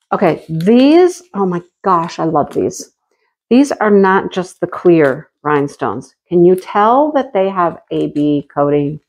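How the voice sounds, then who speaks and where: A middle-aged woman hosting a casual craft unboxing vlog, chatty and gushing with excitement. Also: medium pitch. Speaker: craft channel host.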